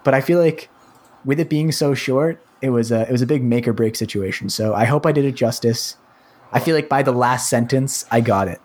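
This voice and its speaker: A man's voice: mid-range voice, brisk, darkish tone. A young man co-hosting a podcast over a remote call, talking casually and with many hesitations. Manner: rambling, hesitant. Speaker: podcast co-host. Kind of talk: casual chat. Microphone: headphones with mic, remote call.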